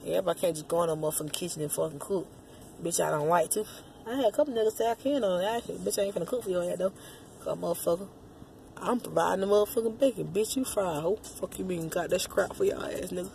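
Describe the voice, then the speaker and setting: A woman vlogger ranting casually to her viewers, profane, loud and rambling. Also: lowish voice, fast, creaky, a little hiss or hum. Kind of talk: casual rant to the camera.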